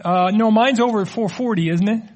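A man's voice: high-pitched, brisk, a little mellow. A middle-aged man preaching and answering audience questions in a conversational, explanatory way, with joking asides. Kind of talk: teaching sermon with audience questions.

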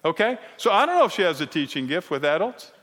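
A middle-aged man teaching a sermon-style lesson, animated and teasing, often checking in with the crowd. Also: fairly high pitch, fast. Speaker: Bible teacher. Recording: long reverb of a large hall.

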